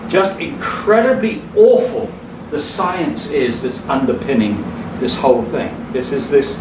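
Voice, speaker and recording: Heard from a distance in a noisy, echoing hall, a man delivers a public lecture with emphasis and scorn, chuckling at his own jokes. His voice is mid-range and his pace measured.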